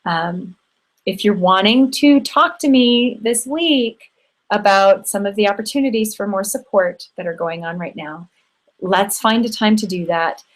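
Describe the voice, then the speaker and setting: A woman of middle age closes a live online women's circle, her tone affectionate and encouraging. She talks into a computer mic with frequent ums at a middle pitch. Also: unhurried, low-quality recording. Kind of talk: warm closing remarks to a live online group.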